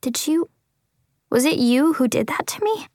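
A woman voicing an upset young female music student who trembles and shouts in protest. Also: on the high side, normal speed, no echo, studio quality, lightly acted. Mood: trembling. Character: frightened, angry young girl, a music student.

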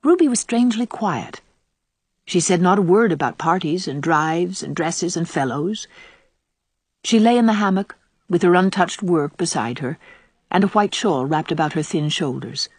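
A woman reads a story aloud in a measured, even manner. Her voice sits on the low side, breathy and husky, recorded close and dry. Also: dry recording. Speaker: audiobook narrator. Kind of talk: scripted narration.

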